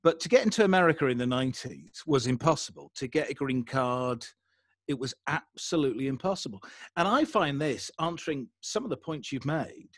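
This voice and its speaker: An older man from England with a neutralized, mid-Atlantic English accent, telling stories in an animated way as a guest on a podcast. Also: mid-range voice, brisk, no room sound. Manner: animated storyteller, breaks into mock radio DJ voice. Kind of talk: casual podcast conversation.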